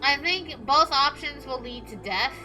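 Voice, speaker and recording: A woman's voice: sits high, lively intonation, a little slow, sharp tone. A woman streaming a game with a stuffed-up nose, chatting and giggling through her reactions. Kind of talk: casual let's-play commentary. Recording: game music playing underneath.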